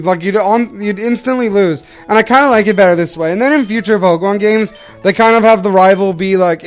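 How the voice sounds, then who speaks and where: A young man from Canada giving rambling, self-correcting commentary while hosting a game playthrough. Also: sits high. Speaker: let's play host. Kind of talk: casual gameplay commentary.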